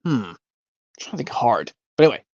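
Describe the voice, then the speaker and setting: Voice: medium pitch, big pitch swings, quick pace, gravelly, a little mellow, no echo, muffled recording. A streamer hosting a voice-impressions game, chatting casually and rambling, thinking aloud with hums and restarts.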